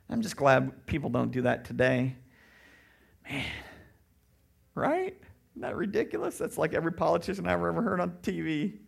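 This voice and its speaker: A middle-aged man preaching a sermon as pastor, animated and lively, often breaking into loud mocking voices. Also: a little high, moderate pace, gravelly, husky.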